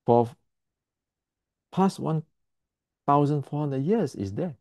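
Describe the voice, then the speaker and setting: Man teaching martial arts, blunt and emphatic, repeats himself, clears his throat, warm dark tone, dry close sound. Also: a little high, animated, takes it slowly, dry recording. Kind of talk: explanatory lesson to camera.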